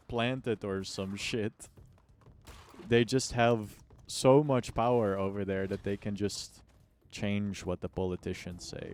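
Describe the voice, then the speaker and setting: A man's voice: medium pitch, darkish tone. Joking, swearing male game streamer. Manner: joking, swearing, laughing often. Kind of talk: casual gaming stream chat.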